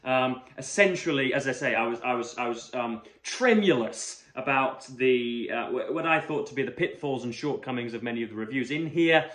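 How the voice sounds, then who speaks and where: A man reviewing a magazine for his book channel, talking in a halting, wordy way with many fillers and restarts. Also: medium pitch, a bit bright. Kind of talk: casual book review vlog. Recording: roomy echo.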